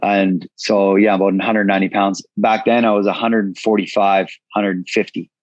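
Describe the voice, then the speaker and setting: Blunt male interview guest, low voice, dry slightly muffled recording. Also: flat delivery, normal speed, dry recording. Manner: frank, casual, swears freely. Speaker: guest, entrepreneur. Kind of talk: candid storytelling interview.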